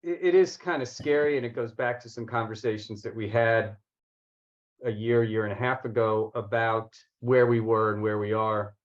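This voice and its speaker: A man's voice: fairly low pitch, fairly even intonation, moderate pace, highs cut off. A man co-hosting a podcast, responding in a thoughtful, somewhat hesitant way. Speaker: podcast co-host. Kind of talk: political discussion.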